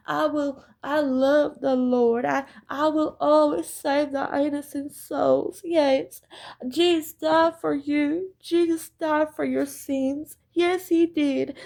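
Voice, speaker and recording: A woman's voice: high-pitched, gravelly, a little mellow, voice pushed up, exaggerated voice. A woman voicing a fake-pious church-going woman in a sweet, saccharine, mocking tone.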